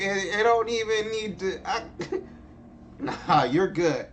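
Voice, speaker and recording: A young man reacting to clips in casual, profane commentary, excitable and stumbling over his words. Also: high-pitched, slow, a little hiss or hum. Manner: excitable, profane, stammering and restarting. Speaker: reaction video host.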